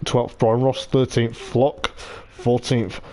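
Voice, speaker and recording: Excitable man commentating a sim race. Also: mid-range voice, slow. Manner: excitable, repeats "I tell you what", laughs often. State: voice going hoarse. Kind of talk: live sim-racing commentary.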